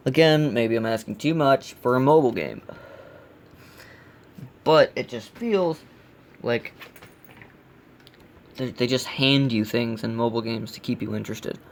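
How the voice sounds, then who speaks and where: A man with a gravelly voice hosting a casual let's play, giving blunt, grumbling critique as he plays. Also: medium pitch, unhurried, long pauses. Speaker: gaming channel host.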